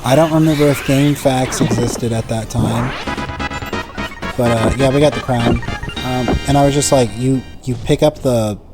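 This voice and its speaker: A man's voice: mid-range voice, fairly even intonation, moderate pace, over music. Rambling man doing gameplay commentary. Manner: rambling, full of "like" fillers. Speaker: let's play host.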